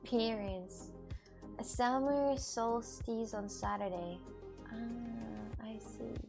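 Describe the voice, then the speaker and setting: Chatty young woman with a gravelly edge. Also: on the high side, steady tone, takes it slowly, music in the background. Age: 20s. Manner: rambling, chatty, addressing viewers directly. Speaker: live streamer. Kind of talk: casual live stream chat.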